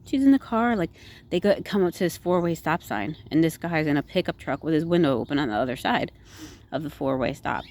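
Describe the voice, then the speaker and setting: Low-voiced woman rambling through a movie recap. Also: lively intonation, brisk, a little mellow, slight background noise. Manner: rambling, full of "like", "you know" and "right?". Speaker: movie reviewer.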